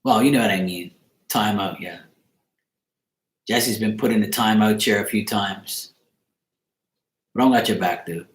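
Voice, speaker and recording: A man's voice: lowish voice, a little slow, long pauses. A man hosting a casual tarot livestream, teasing and joking with his viewers. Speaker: tarot reader and streamer host. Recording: roomy echo.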